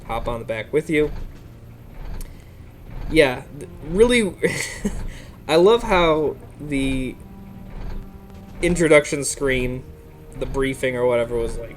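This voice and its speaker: A man casually commenting on a game he is playing, with a relaxed, rambling manner and lots of filler words. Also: a little high, measured pace, pauses often, soft background music. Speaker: let's play host.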